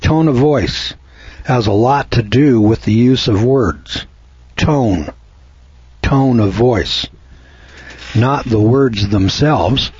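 A husky American man from the United States delivers a slow, deliberate, preachy opinion monologue as a commentator and host, citing scripture references and spelling words out letter by letter. His voice sits at medium pitch with a darkish tone, and the lo-fi sound is dull and dry.

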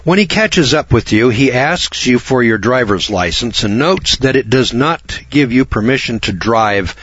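An older man from Idaho telling a story, rambling and halting at first, then reading slowly and deliberately from notes. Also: medium pitch, animated, a bit bright, breathy edge, no echo, lo-fi sound. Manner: rambling, halting restarts, slow deliberate emphasis. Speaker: speaker telling a personal story.

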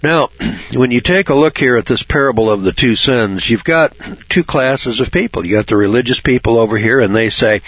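A man's voice: medium pitch, lively intonation, normal speed, a bit bright, dry recording. A man giving informal Bible commentary in a blunt, folksy way, swearing freely and mocking churchgoers with sarcastic asides. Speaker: Bible teacher. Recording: dull lo-fi recording.

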